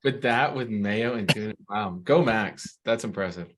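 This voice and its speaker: A man's voice: fairly low pitch, moderate pace, noisy background. A man teasing friends in casual podcast chat. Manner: teasing, lively.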